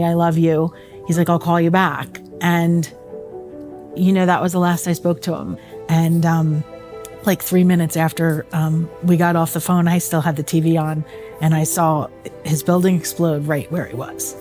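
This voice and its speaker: A woman giving a personal testimony in an interview, halting and repeating herself. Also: on the low side, darkish tone. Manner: halting, with fillers and repeated phrases. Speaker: interviewee, widow.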